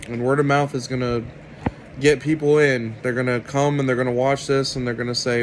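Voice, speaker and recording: A man delivering an opinionated commentary rant to his viewers, sarcastic and deliberate. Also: mid-range voice, little pitch movement, a little hiss or hum, rough recording. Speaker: video commentator.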